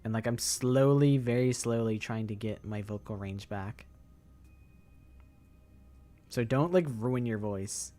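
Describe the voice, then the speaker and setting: Young male streamer, casual rambling chat, loose and profane. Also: mid-range voice. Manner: rambling, swears, filler-heavy.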